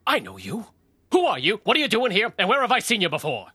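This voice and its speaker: A woman voicing a brusque, loud confectioner man who shouts his complaints, in an audio drama. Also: medium pitch, huge pitch swings, quick pace, slightly rough, no room sound, full character voice. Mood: grumbling. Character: gruff Parisian male confectioner, brash and loud.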